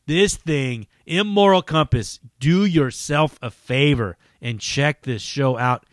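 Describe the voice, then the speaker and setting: A man's voice: mid-range voice, slow pace, dry recording, clean studio sound. A man hosting his own podcast, talking casually in a rambling, heavily profane and enthusiastic way. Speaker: podcast host. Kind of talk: casual solo podcast talk.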